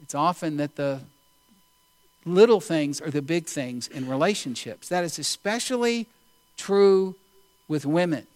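Slow, deliberate male preacher, dry sound. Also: a little high, darkish tone, dry recording. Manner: deliberate, unhurried, with pauses. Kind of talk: sermon with storytelling.

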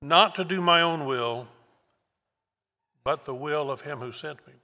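Slow, emphatic male preacher in a hall. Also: fairly high pitch, pushed and bright. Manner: slow, emphatic, with repeated phrases. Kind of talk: expository sermon. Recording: long hall reverb.

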